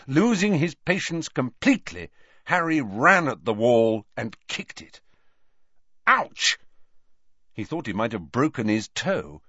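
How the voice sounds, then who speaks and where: A man narrating a novel aloud in an expressive storytelling manner. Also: fairly high pitch, no echo. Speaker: audiobook narrator. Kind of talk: scripted narration. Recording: dull dry audiobook recording.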